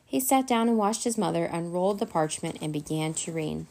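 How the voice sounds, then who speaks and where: A woman narrating a children's chapter book, reading aloud lively with character voices. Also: fairly low pitch, normal speed, vocal fry, hardly any pauses. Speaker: storyteller. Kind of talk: children's storybook read-aloud.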